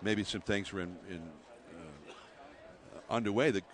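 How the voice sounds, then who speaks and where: A man calling baseball play-by-play as a guest in the booth, halting and full of restarts. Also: deep voice. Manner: halting, many restarts and fillers. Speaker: guest broadcaster.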